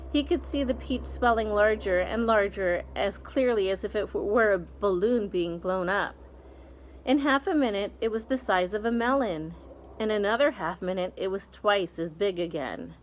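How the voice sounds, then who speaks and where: A woman's voice: mid-range voice, slight background noise, low-quality recording. A woman, a teacher, reading a children's novel aloud expressively, with small slips and restarts.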